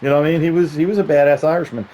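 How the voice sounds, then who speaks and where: A man's voice: on the high side, fairly even intonation, rapid-fire, highs cut off, a loud crowd. A man co-commentating wrestling in a casual, crude and playful storytelling way.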